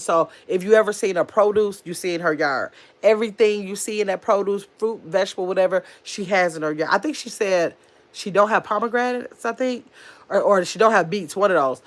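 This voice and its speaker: A woman chatting casually on her livestream, telling stories and reading viewer comments aloud. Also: lowish voice. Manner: chatty, animated storyteller, reads comments aloud. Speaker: livestream host.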